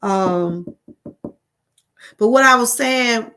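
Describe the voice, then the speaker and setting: Livestream host, middle-aged Southern woman, slightly high voice, loose rambling talk that circles back to its point. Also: extremely slow, pushed and bright. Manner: rambling, repetitive, addresses viewers as y'all. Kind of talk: casual live-stream chat.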